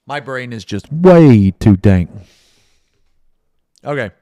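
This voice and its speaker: A man's voice: medium pitch, expressive, muffled recording. A man streaming a game live, commenting as he plays and ranting about the fight with heavy swearing. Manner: profane, ranting, quick to shout in frustration.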